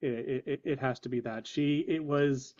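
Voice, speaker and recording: A man reminiscing fondly in casual chat with the group, halting and thoughtful. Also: mid-range voice, steady tone, darkish tone. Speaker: player. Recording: muffled lo-fi audio.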